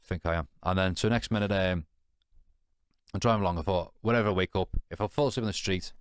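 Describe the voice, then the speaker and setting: Low-pitched and smooth, this man talks fast, captured in a dry, studio-quality recording. He is a podcast guest telling a candid personal story with informal British slang, blunt and swearing. Rambling and restarting, he uses lots of fillers and keeps asking "you know what I mean".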